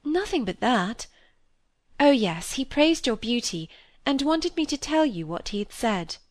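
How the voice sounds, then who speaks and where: An earnest, gentle young girl who speaks gravely and simply, as a woman reads her. She comes from a classic novel. The recording is dry and close. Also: a little high, big pitch swings, unhurried, no room sound, pitched above the performer's own voice. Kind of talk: reading a classic novel aloud.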